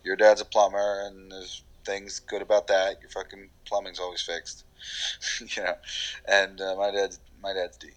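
On a low-quality recording, a man speaks in a low, monotone voice at normal speed. A New York voiceover actor doing a podcast interview, he talks in a meandering way, restarting often, leaning on fillers and swearing casually.

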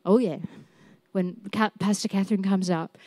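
A woman's voice: medium pitch, fairly even intonation, moderate pace, dark tone, no room sound. A woman teaching a church class, playful and laughing often as she asks the room questions. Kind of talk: sermon teaching.

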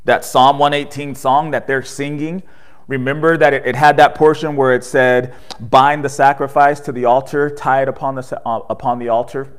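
A pastor preaching a sermon. He tells the story with animation, asks rhetorical questions and often tags his lines with "right?". At solemn points he drops soft and low. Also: level tone, normal speed, clean tone.

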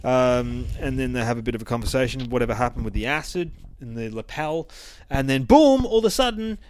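A man's voice: mid-range voice, expressive, a little fast, darkish tone, clean tone. Profane rambling man recapping comics. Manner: profane, rambling, acts out characters' lines. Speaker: podcast host. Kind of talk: casual comic book recap.

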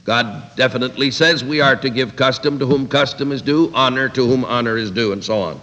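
A male Bible teacher delivering an expository sermon, moving between scripture read aloud and pointed everyday asides. His voice sits at a middling pitch, and a long hall reverb follows each phrase. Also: a little fast, few pauses, pushed and bright. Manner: emphatic, paraphrasing scripture with plain-spoken asides.

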